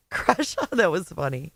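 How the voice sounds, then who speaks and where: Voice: mid-range voice, gravelly, a bit bright, husky, dry recording, clean studio sound. Blunt, sarcastic middle-aged streamer host. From Indiana, USA. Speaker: channel host. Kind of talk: live reaction commentary.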